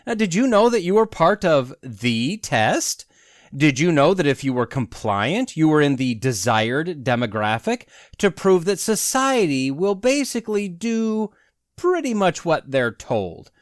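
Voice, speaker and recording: A man's voice: fairly high pitch, unhurried, no echo. 40s guy doing a solo podcast rant, sarcastic, voice bounces up and down a lot, dry close sound. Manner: sarcastic, animated storytelling with wry asides; skeptical, talks straight to the listener. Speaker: podcast host.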